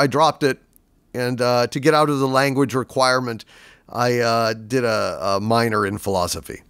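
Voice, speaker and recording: A man talking casually on a live stream, his pitch swinging up and down as he goes. He stumbles and repeats himself and swears freely. The sound is close and dry, with no room around him. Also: a bit bright, dry recording. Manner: rambling, stammers and repeats words, swears casually. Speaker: livestream host reading viewer donations. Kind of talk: casual unscripted chat.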